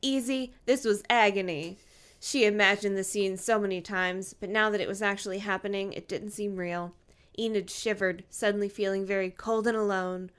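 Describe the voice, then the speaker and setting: A woman co-hosting a podcast, reading a novel aloud in an even, measured way. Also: medium pitch, smooth. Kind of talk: casual chat and reading aloud.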